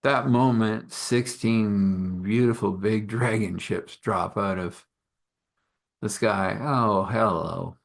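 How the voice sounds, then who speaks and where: A man's voice: lowish voice, fairly even intonation, slow, vocal fry. A man telling an improvised fantasy story in a rambling, musing way, with fillers.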